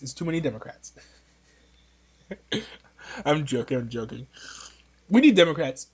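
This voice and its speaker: High-voiced man rambling about politics. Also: big pitch swings, unhurried, pauses often, a little mellow, slightly rough. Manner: rambling, joking, many restarts. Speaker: podcast host. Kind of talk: casual political opinion talk.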